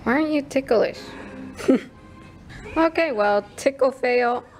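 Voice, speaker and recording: A woman's voice: high-pitched, a little mellow, soft background music, rough recording. A young woman chatting casually in a vlog at her market stall, giggling often. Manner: chatty and giggly, slow-paced. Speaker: vlogger.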